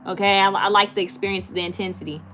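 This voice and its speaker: A woman's voice: medium pitch, fairly even intonation, a bit bright, slight background noise. A woman from California hosting a live stream, chatting casually and giggling as she answers viewer comments. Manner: chatty, giggly, with many fillers and quick repeats.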